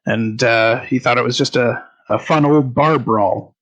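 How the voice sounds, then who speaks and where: Acting as game master, a man narrates a tabletop game in a halting way full of fillers. His mid-range voice has a fairly bright tone, and the highs are cut off.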